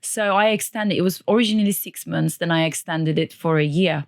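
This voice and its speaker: A woman who grew up in Turkey, her accent a mix of Turkish and a bit of Birmingham. She chats easily and laughs often, and her voice sits a little low. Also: brisk, creaky. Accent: Turkish, mixed with a Birmingham lilt. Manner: chatty, laughing storyteller. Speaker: podcast guest. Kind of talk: casual interview chat.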